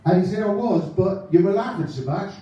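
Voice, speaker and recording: A man's voice: high-pitched, animated, a little fast, lo-fi sound, noisy background. A man doing an impression of a nervous, giggly male stand-up comedian who rambles through his jokes at a live show. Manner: nervous laughing, rambling gag delivery. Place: live concert venue. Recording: echoey hall mic from far off.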